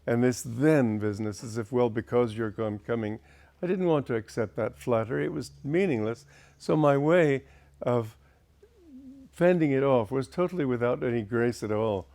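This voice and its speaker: A man's voice: medium pitch, lively intonation, normal speed, a little mellow. An older man, a spiritual teacher, telling wry anecdotes from his past to an audience and laughing at his own stories. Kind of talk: reminiscing talk to an audience.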